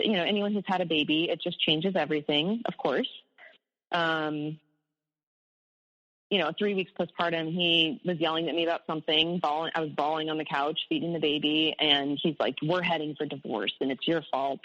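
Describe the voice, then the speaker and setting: A woman's voice: sits low, fairly bright tone, big-room sound, muffled recording. A woman, an abuse survivor, telling her story candidly in an interview, with rueful laughs at hard memories.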